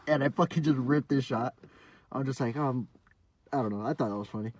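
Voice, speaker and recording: A young man hosting a podcast, telling a rambling, profane story in a casual monologue full of fillers, sometimes dropping to a low mumble. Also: moderate pace, pauses often, darkish tone, dry recording. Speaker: podcast host.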